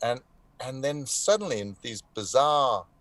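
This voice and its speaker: A man's voice: mid-range voice, expressive, unhurried. A man answering interview questions as a voice actor guest, telling his story reflectively and with emphatic bursts. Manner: reflective, emphatic storytelling with sudden swings in loudness. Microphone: online live call.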